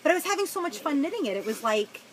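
A woman's voice: high-pitched, sing-song, racing, slight background noise, low-quality recording. A young woman with a Long Island accent co-hosting a casual knitting podcast, chatty and self-mocking. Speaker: podcast co-host. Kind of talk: casual chat.

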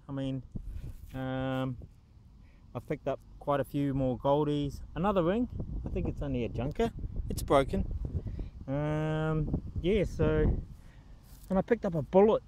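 A man with a New Zealand accent, vlogging in a casual, jokey, upbeat way while metal detecting in a park. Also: a little high. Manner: chatty, jokey, upbeat, self-mocking. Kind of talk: casual vlog talk to camera. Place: outdoors in a windy park. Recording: noisy outdoor wind.

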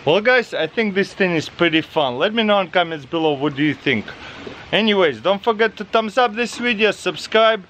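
A man with a Russian accent, vlogging as he tests a dog toy outdoors and calls excitedly to his dog in a sing-song voice. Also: high-pitched, moderate pace, a little hiss or hum. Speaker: vlogger testing a pet toy. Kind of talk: casual vlog. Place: outdoors with dogs.

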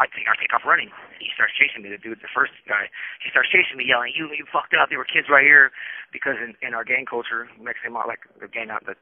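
A man's voice: medium pitch, breathy edge, no echo. A man in prison telling his own story over the phone, rambling and restarting often, acting out what people said. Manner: rambling, restarts often, acts out quoted lines. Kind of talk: candid first-person storytelling over the phone. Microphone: telephone. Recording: tinny prison phone line.

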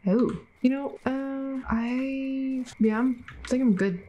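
Slow-talking woman reacting to a horror game. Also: sits high, dark tone, a little hiss or hum. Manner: reactive, swears, laughs often, yelps when startled. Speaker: gaming video creator. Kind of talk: let's play commentary.

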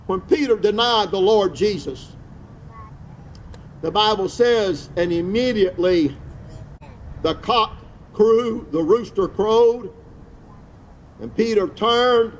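A man's voice: high voice, takes it slowly, long pauses, muffled recording, slight background noise. A male pastor preaching outdoors with fervor, repeating phrases and restarting words as he goes. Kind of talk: outdoor sermon. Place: outdoor church service.

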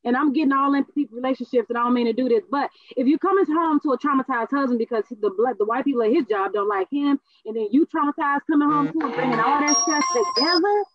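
A woman co-hosting a casual talk show, telling stories with animated asides and voice impressions. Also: high-pitched, quick pace, few pauses. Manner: animated storyteller, mimics voices. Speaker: co-host. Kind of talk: casual chat. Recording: tinny phone-like sound.

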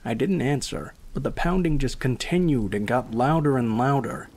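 A man narrating a first-person horror story in a steady, scripted reading voice. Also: mid-range voice, moderate pace.

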